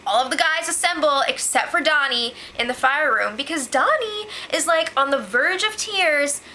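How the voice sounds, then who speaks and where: A woman's voice: high voice, animated, normal speed, bright, forceful tone, a little hiss or hum. A woman recapping a reality show in a casual vlog, chatty and opinionated, saying "like" a lot. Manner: chatty and opinionated, heavy use of "like".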